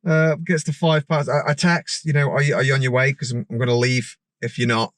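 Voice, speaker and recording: A man, a driving instructor, telling a story in a rambling, animated way with many restarts. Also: medium pitch, a little fast, no room sound. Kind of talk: casual storytelling vlog. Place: outdoors by a parked car.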